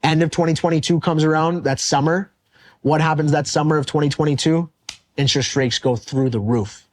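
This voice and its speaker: A man's voice: fairly high pitch, fairly quick. Blunt, swearing young man telling his story. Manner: animated and blunt, swears often. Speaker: podcast guest, real estate wholesaler. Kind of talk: casual interview storytelling.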